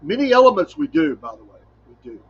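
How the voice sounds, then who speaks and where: A man's voice: high-pitched, very animated, quick pace, slightly rough, muffled recording. A middle-aged man, a preacher hosting a podcast, talking in a folksy, rambling way and laughing often. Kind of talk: casual solo podcast talk.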